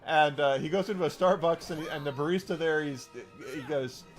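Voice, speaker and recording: A man's voice: on the high side, fairly quick, soft background music. A man streaming a game and telling a long story in a rambling, casual way, full of restarts and fillers.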